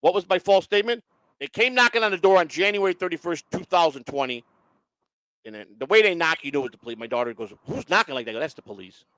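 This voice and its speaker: A man speaks in a rapid, pitched-up rush, bluntly telling his own story as a guest. He swears constantly and slips into the voices of the people he quotes. His voice sounds close and dry. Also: a bit bright, smooth, no echo. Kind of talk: casual profane storytelling.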